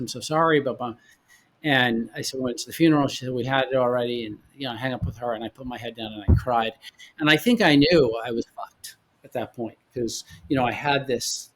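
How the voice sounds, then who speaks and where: A man in his forties, a podcast guest, telling his own story in a halting way, often repeating words as he goes. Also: medium pitch, husky. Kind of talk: candid personal storytelling.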